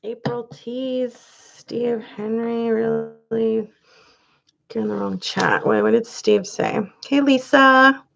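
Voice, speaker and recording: Lady hosting a live chat, slow and easygoing, kinda high voice, muffled lo-fi sound. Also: fairly even intonation, creaky, a bit bright. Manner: chatty, greets viewers by name, laughs often. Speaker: live-stream host reading viewer comments.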